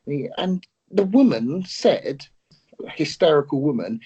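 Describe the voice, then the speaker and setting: A man and bodybuilder co-hosting a casual podcast, telling stories in an earnest, soft-spoken way. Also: fairly high pitch, lively intonation, measured pace, slightly rough. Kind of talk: casual chat.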